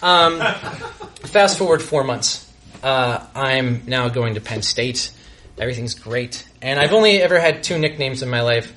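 Young man, live comic storyteller, self-mocking, halting delivery, bright tone, faint noise behind. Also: mid-range voice, lively intonation. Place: live show before an audience.

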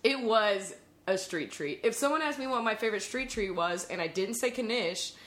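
A woman's voice: medium pitch, lively intonation, normal speed, fairly bright tone. A woman hosting a podcast in casual chat, laughing often as she talks. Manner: giggly, laughs often while talking. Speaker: podcast host. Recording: roomy echo, faint noise.

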